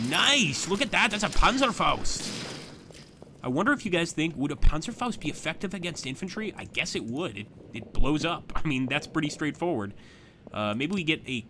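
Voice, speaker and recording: A man commentating his own live stream of a strategy game, chatting to viewers as he plans moves, with sudden bursts of excitement. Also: medium pitch, background noise.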